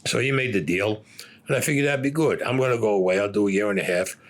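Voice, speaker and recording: Blunt older New man, low voice. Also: fast. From Brooklyn, New York. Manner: blunt, profane, acts out other people's lines. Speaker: former mobster telling his story. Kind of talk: first-person storytelling.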